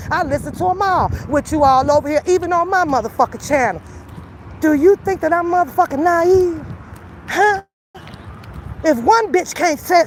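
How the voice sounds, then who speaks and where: A woman's voice: high voice, a little hiss or hum. A woman commentator calling someone out to camera in a profane, confrontational rant, taunting and then lecturing. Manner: slows into calmer lecturing. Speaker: YouTube commentator. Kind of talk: angry call-out rant to camera.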